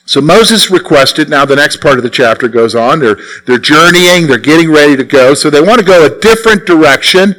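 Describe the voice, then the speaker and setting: A man's voice: a little high, lively intonation, a little fast, hardly any pauses, fairly bright tone, low-quality recording. A male preacher giving a conversational sermon, full of rhetorical questions and emphatic repetition. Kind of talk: expository sermon.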